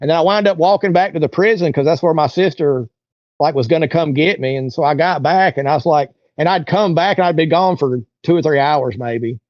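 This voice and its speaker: A man being interviewed tells a long, rambling story, acting out other people's lines in raised voices. His voice is on the high side and fairly quick, with no echo, on a dull, lo-fi, dry recording.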